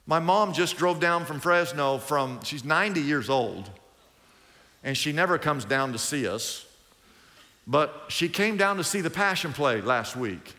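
A middle-aged male pastor preaching a sermon in an animated, colloquial way, swinging from loud bursts to hushed asides. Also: fairly high pitch, measured pace. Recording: long hall reverb.

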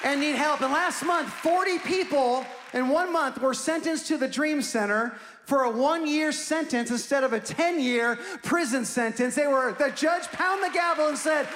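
A man preaching a sermon as a pastor, telling stories and rising to shouts at the high points. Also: moderate pace, in a large hall, crowd noise, background noise.

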